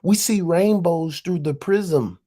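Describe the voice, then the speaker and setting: Woman live-stream host, husky low voice, swears and asks question after question. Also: dark tone. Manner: profane, rapid-fire rhetorical questions. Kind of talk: casual live-stream monologue.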